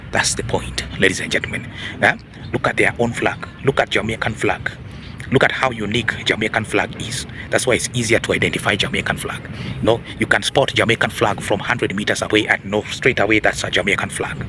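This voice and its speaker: A man's voice: on the low side, noisy background. A man hosting an opinion monologue, preachy, often asking the audience rhetorical questions. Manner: preachy, repeats "ladies and gentlemen" and rhetorical "huh?". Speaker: video host.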